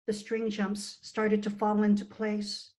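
A woman author reads her own prose aloud for an online event, her voice at a middling pitch. She shifts emphasis freely, lifting and dropping her voice with the story. It comes through a computer microphone on a video call. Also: completely flat delivery, slow, darkish tone, poor audio. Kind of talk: reading her fiction aloud. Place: remote virtual reading.

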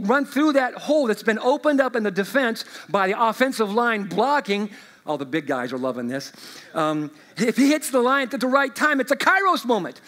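A man preaching a sermon as pastor, swinging from loud proclamation to quiet, chatty asides. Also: high voice. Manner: chatty, uses sports illustrations and fillers.

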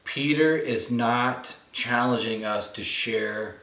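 A man's voice: medium pitch, slow, fairly bright tone, reverberant. A male pastor preaching a sermon in a casual, conversational way, driving points home with repeated phrases and slang like "man" and "dude".

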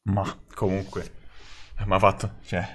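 A man's voice: low voice, completely flat delivery, normal speed. A man commenting casually on a live stream, bored and mocking.

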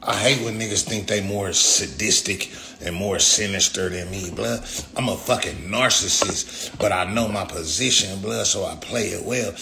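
A rapper, an adult with young kids, rants profanely and confrontationally during a livestream. His lowish, gravelly voice moves at a moderate pace, with background noise audible.

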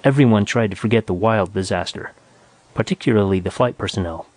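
A man's voice: fairly low pitch, fairly quick, darkish tone, no echo. Man reading a science fiction story. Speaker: narrator. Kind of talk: scripted audiobook narration.

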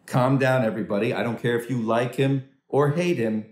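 A man doing a stand-up comedy set from home over a video call, animated and swooping into high voices for quoted people. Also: a little fast, reverberant. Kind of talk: stand-up comedy set for a virtual charity dinner.

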